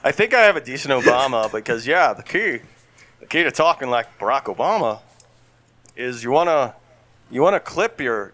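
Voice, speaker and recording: A man's voice: mid-range voice, very animated, normal speed, pushed and bright. A young man chatting casually on a comedy podcast, laughing often and trying out impressions. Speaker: podcast co-host.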